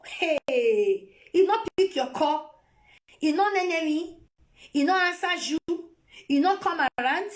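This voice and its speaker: High-pitched Nigerian woman scolding on live. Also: animated, slow pace. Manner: scolding, repetitive, lecturing. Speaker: vlogger. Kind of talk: live video commentary.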